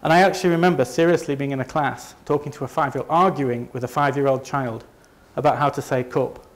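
A company presenter from Leeds gives a conference presentation to a live audience, his Northern English accent marking him as from the north of England. He talks fast at a medium pitch with a steady tone, staying chatty and self-deprecating and frequently starting his sentences over.

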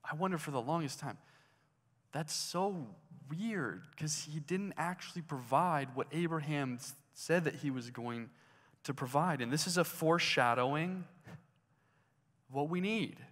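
A man's voice: on the high side, measured pace, a bit bright. A man preaching a sermon in a conversational way, asking his listeners questions as he goes. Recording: hall reverb.

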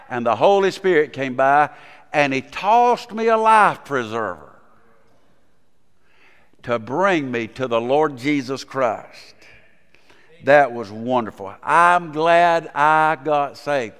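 A pastor delivering a folksy sermon in a smooth, resonant voice pitched a bit high. He tells stories and asks the congregation questions. A long reverb carries through the church sanctuary. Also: expressive, measured pace, a bit bright.

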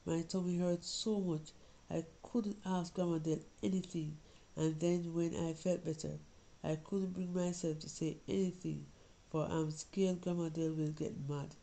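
Lady reading as a worried young girl pouring her heart out to her mum, low mellow gravelly voice. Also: fairly even intonation, unhurried, rough recording. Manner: earnest, pleading, confiding. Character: young Jamaican girl writing to her mother, anxious. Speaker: reader of a short story. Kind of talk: storybook reading in a child's voice.

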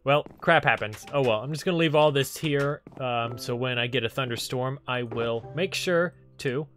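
A man's voice: medium pitch, moderate pace, a bit bright, faint music behind. A young man hosting a casual Let's Play, talking to creatures in the game and reacting with sudden panicky outbursts. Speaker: gaming channel host.

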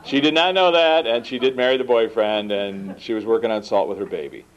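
Male author, lively storyteller with a mid-range voice, in a dull lo-fi lecture recording. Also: mid-range voice, brisk. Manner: animated, acts out dialogue in the stories. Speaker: author giving a book talk. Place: lecture room at an institute.

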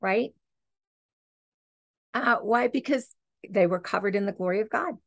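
A woman's voice: mid-range voice, measured pace. A middle-aged woman hosting a podcast, teaching the Bible in an earnest, conversational way and often checking in with "okay" and "right". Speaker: podcast host and Christian teacher.

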